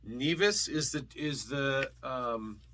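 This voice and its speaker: A man's voice: medium pitch, takes it slowly, noisy background. A man hosting a casual vlog about thrift-store records, rambling with lots of ums and uhs. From partly Scottish heritage. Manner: rambling, with many fillers and restarts. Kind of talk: casual chat.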